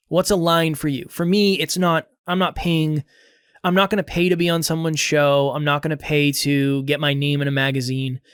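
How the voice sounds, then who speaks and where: A man's voice: on the high side, fairly bright tone, clear, resonant tone, dry recording, studio quality. A man hosting a podcast, giving direct, motivational advice in a casual coaching talk with lots of repetition.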